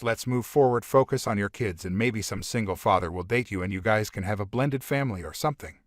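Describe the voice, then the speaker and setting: A man reading aloud a first-person relationship story from an online forum in a steady, plain manner. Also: fairly low pitch, dry recording, clean studio sound. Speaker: story narrator.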